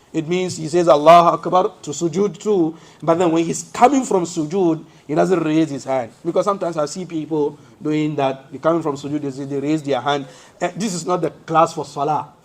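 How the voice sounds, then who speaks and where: A man's voice: on the high side, normal speed, a little mellow. A man from Africa, teaching a study lesson in a mosque. He asks rhetorical questions and answers them himself, explaining step by step. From West Africa. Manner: explains step by step, shows hand positions as he speaks. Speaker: Islamic teacher.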